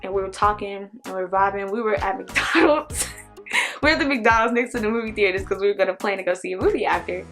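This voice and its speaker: A young woman from Oklahoma telling a storytime vlog, animated and acting out the voices. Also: medium pitch, fast, soft background music. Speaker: vlogger.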